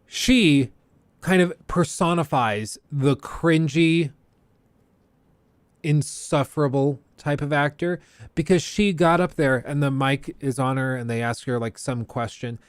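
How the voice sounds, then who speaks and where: A man's voice: on the high side, unhurried, clear, resonant tone, no room sound. Ranting sarcastic male streamer. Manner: ranting, sarcastic, laughs often. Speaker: livestream host. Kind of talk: casual chat.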